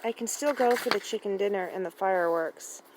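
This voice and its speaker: A woman's voice: mid-range voice, fairly quick, very noisy, close to an everyday voice. A woman reading aloud as a hesitant, dutiful teenage girl. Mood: plain.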